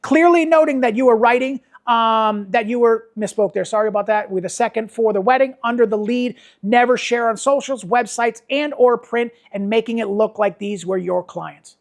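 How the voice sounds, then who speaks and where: A man's voice: very high voice, normal speed, hardly any pauses. A middle-aged man leading a photography workshop, telling stories and acting out the people he quotes. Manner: animated storytelling, acts out quoted voices. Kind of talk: workshop talk with anecdotes.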